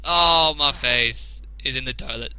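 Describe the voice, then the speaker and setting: A young Englishman does let's play commentary on a video game in a relaxed way, joking, laughing often and reacting loudly. His voice is medium in pitch and clean in tone, with a measured pace.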